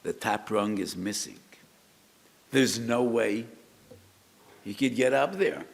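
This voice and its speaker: Slow gravelly older rabbi in a hall. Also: male voice, on the low side. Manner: slow, storytelling delivery that rises to cries in acted pleas. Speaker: rabbi giving a weekly lecture. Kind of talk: sermon-style lecture. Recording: long reverb, faint background noise.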